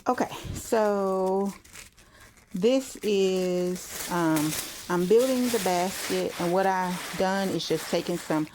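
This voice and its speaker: A woman chatting casually and excitedly while making a gift on camera, full of exclamations. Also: medium pitch, slow, background noise. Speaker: crafter vlogger. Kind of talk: casual talk while crafting.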